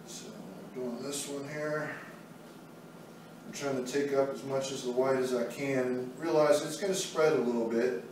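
A man's voice: mid-range voice, steady tone, normal speed. Man explaining a painting demo, echoey. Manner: easygoing, talks while working. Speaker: art instructor. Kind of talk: step-by-step painting demonstration. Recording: very echoey room, mic far off, faint noise.

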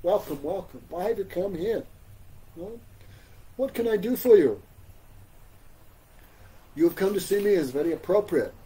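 A playful male god greets his visitors with mock-innocent, teasing questions, as a man puts him on during a religious class. The voice lifts a little higher and brighter than normal speech but stays mellow. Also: lively intonation, moderate pace, pauses often, distant mic, rough recording.

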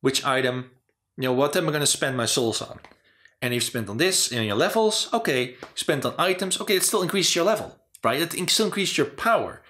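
A man's voice: fairly high pitch, animated, brisk, a bit bright. A man hosting a casual talk about game design, rambling with lots of "you know" and "like". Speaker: channel host.

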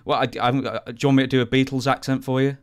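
A man's voice: mid-range voice, flat delivery, fast, clear, resonant tone. A British man hosting an interview, polite and a little self-deprecating. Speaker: interviewer, podcast host. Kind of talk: casual interview.

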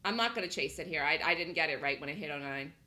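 A woman's voice: sits low, expressive, fast, bright, forceful tone. A woman hosting a live day trading room, chatting casually, laughing often and thinking aloud as she calls trades.

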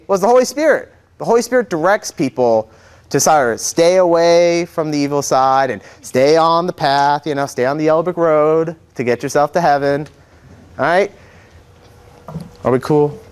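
A young man, a seminarian, teaching an adult faith class in a chatty, joking way, acting out quotes. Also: on the high side. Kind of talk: informal classroom lecture. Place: church classroom.

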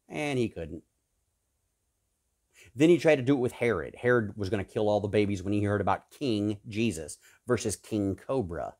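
A man preaching a sermon, fervent and emphatic, swinging between loud peaks and low hushed stretches, repeating and listing words for emphasis. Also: lively intonation, moderate pace. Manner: repetitive, emphatic lists.

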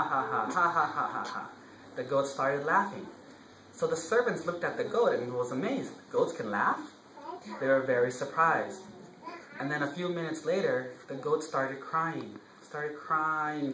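A man's voice: medium pitch, sharp tone, roomy sound, slight background noise, poor audio. A man, a Buddhist monk, telling a story in a playful sermon, speaking to listeners as "you guys". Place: temple hall.

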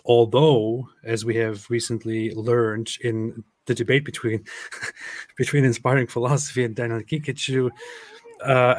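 A man's voice: medium pitch, no room sound. A young adult man hosting a casual online chat, joking and chuckling often. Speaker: host.

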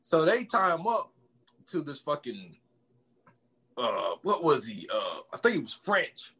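Male podcast co-host, high-pitched, acts out scenes while recapping films. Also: a little slow, slightly rough. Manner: animated storytelling, acts out scenes, laughs often. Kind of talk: casual movie recap chat.

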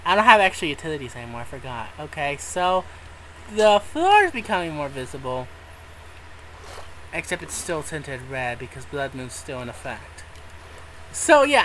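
Let's-play commentary, excitable, laughs and swears, bright tone, animated pitch. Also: normal speed, slight background noise, poor audio. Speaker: gamer playing a modded survival game.

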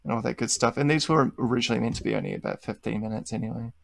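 A man's voice: mid-range voice, very fast, gravelly, no room sound. A young man hosting a casual podcast chat, laid-back, swearing casually and trailing off mid-sentence. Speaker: podcast host.

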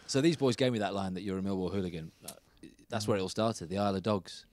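A man's voice: deep voice, fast, a little mellow, slight background noise. A man hosting a podcast, chatting in a playful, teasing way. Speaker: podcast host. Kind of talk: casual chat.

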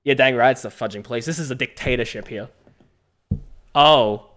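A woman's voice: very deep voice, moderate pace, a bit bright. An Australian woman streaming a game and chatting playfully with viewers, often laughing. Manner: playful, laughing, teasing the chat. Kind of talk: casual live-stream chat.

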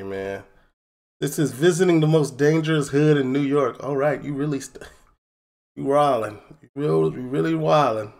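Gravelly laid-back man. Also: fairly high pitch, moderate pace, a little mellow. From Chicago. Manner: laid-back, wry asides. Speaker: reaction channel host. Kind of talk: casual reaction commentary.

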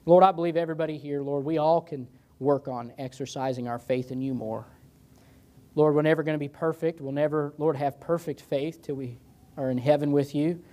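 An American man preaching as pastor, his voice sitting a little higher than most men's. He pleads with passion, climbing loud and high on warnings, then dropping to low, hushed lines. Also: fairly even intonation, brisk. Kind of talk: sermon. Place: church sanctuary.

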